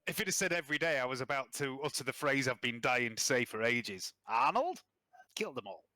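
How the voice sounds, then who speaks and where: A man's voice: mid-range voice, fast, bright, forceful tone, clean tone, no echo. A man playing a tabletop game, speaking with formal phrasing. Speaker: player.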